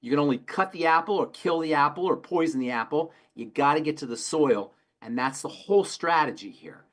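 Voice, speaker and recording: A man, a pharmacist on a health show, answering questions in an emphatic, rapid-fire way and repeating his key phrases. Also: a little high, animated, a bit bright. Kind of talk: call-in health talk.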